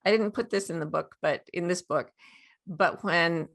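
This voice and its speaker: With a lowish voice marked by vocal fry, a woman in her sixties talks at normal speed in a storytelling interview. As the guest author, she narrates with animation, acts out quotes, and laughs frequently.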